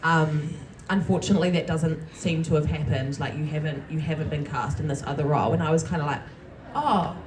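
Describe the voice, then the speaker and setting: Soft-spoken woman telling a panel story. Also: sits low, steady tone, brisk, a little hiss or hum. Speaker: panel guest actor. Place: convention panel room. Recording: distant mic with crowd.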